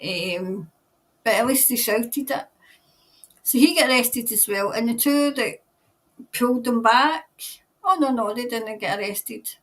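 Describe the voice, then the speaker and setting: A Scottish woman rambles through a relaxed live stream, laughing often and greeting viewers by name. Her voice sits a little high. She is a bit far from the microphone, so she sounds slightly distant. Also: a little slow, long pauses. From Scotland. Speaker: tarot reader hosting a live stream.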